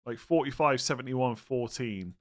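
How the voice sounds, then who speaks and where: A man's voice: medium pitch, moderate pace. Tired male streamer reading out and answering viewer questions, casual and meandering. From England. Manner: chatty, rambling, self-interrupting, tired and yawning.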